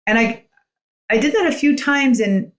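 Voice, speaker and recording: A woman's voice: on the high side, expressive, normal speed. A woman guest on a podcast, a coach, telling her story in an earnest, reflective way with frequent "you know" asides. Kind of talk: conversational storytelling.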